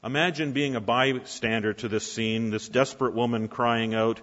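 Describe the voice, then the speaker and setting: A man preaching a sermon in a church, asking rhetorical questions with dramatic pauses. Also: medium pitch, steady tone, fairly bright tone. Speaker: pastor. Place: church sanctuary. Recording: reverberant hall, dull lo-fi sound.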